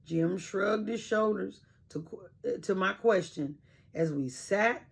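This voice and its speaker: A woman storyteller reading a children's story aloud in an expressive way. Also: medium pitch, slow pace, creaky, slightly rough.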